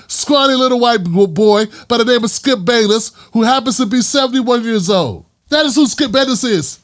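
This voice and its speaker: A male vlog host delivers an emphatic, opinionated commentary monologue. His voice sits high for a man, and he hammers his points with repetition. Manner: impassioned, emphatic, repeats lines for punch.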